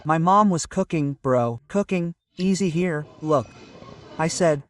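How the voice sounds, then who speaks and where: A man from Northeast Brazil, telling animated stand-up stories about his childhood and constantly checking in with the crowd. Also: fairly high pitch, unhurried, no echo, far from the mic. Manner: animated storytelling with frequent tag questions. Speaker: stand-up comedian. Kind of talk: stand-up comedy set. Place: stage in front of a live audience.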